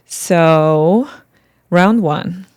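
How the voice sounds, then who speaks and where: A woman's voice: lowish voice, very slow, darkish tone, clean tone, no room sound, studio quality. A woman hosting a podcast, playfully teasing her guest while reading out game prompts. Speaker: podcast host. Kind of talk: casual podcast chat, running a game.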